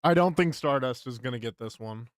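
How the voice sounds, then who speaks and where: A man's voice: medium pitch, brisk, dry recording, studio quality. A young man live-streaming, chatting to his viewers as he guesses games, muttering and swearing at misses. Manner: hums game tunes under his breath.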